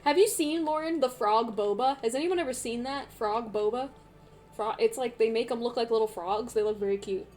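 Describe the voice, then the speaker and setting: A woman's voice: fairly high pitch, fairly quick, darkish tone, slight background noise. A woman streamer chatting casually while playing a game, with giggly, rambling asides. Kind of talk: casual chat while gaming.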